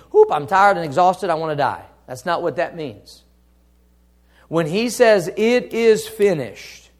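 A man preaching a sermon, moving from hushed, quiet passages to loud, impassioned climaxes, repeating phrases for emphasis. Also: a little high.

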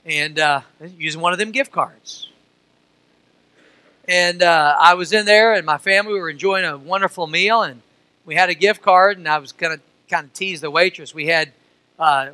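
A man's voice: a little high, pushed and bright, dry recording. A middle-aged male pastor delivering a sermon, folksy storytelling that builds to emphatic preaching.

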